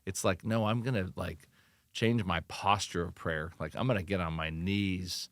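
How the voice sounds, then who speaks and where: A middle-aged man, a pastor, giving earnest, animated encouragement in a podcast interview, often restarting his sentences. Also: low voice, unhurried, no room sound, clean studio sound. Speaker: pastor and church leadership consultant.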